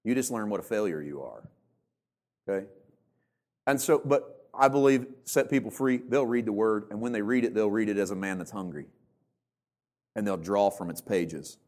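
This preacher has a darkish voice on the low side, a moderate pace, and long pauses. His sermon is funny and self-deprecating, and he impersonates churchgoers in exaggerated voices.

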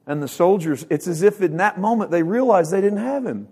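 A man's voice: high voice, lively intonation, moderate pace, slightly rough. Impassioned male pastor preaching. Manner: impassioned preaching with sharp swings from loud to hushed; repeats words when building emphasis. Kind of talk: sermon.

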